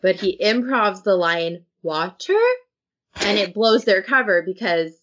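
A woman's voice: medium pitch, normal speed, fairly bright tone. A woman hosting a podcast, chatting casually and telling self-mocking stories with frequent laughs. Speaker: podcast host. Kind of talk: casual chat. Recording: dull lo-fi recording.

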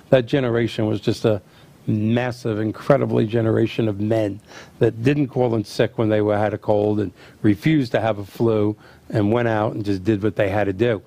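A middle-aged man hosting a chat, telling family stories and acting out the quotes with lively energy. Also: on the low side, no echo. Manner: animated storyteller acting out quotes. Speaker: host. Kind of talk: casual storytelling chat.

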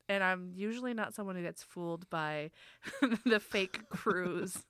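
A woman's voice: medium pitch, a little slow, clean tone, no room sound, studio quality. A young adult woman casually telling a story, quoting the people involved and laughing as she goes. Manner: animated storyteller, laughs often, quotes people in her own voice. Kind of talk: casual anecdote.

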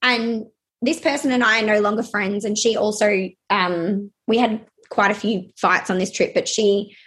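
A young adult woman telling a personal story in an interview, hesitant and halting with many fillers. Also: mid-range voice, fairly even intonation, fairly bright tone.

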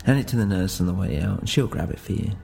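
A man voicing a doctor who gives bad news softly and hesitantly. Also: low-pitched, expressive, fast, creaky, faint music behind. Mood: gentle. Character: male doctor giving bad news, gentle and measured.

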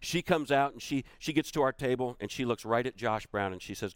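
A man's voice: mid-range voice, a little fast, dry recording. A middle-aged man giving a storytelling keynote talk, acting out the quoted voices of the people in his story. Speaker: keynote speaker.

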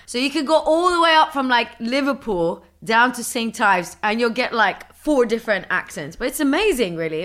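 A woman from the United States co-hosts a relaxed chat podcast. She talks in a lively way and laughs often, slipping into voices when she retells a story. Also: a little high. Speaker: co-host. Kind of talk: casual chat.

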